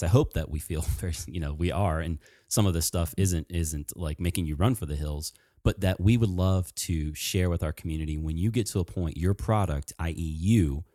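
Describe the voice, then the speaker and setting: Excitable man with a low, dark voice. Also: dry recording, clean studio sound. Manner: excitable, animated, talks fast. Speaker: podcast host. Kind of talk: casual chat.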